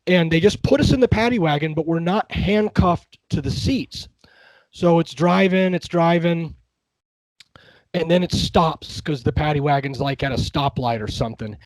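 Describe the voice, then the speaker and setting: A man in his fifties, a podcast guest telling stories in a relaxed, wry way. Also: on the high side, no room sound, poor audio. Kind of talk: casual storytelling.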